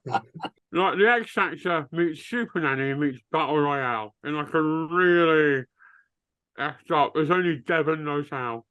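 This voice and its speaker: A man with a slightly higher, sharp-toned voice, ranting in dry, sarcastic banter. His delivery stays deadpan, and the sound is close and dry. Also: measured pace, smooth, no room sound, highs cut off. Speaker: podcast co-host. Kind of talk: comedic rant.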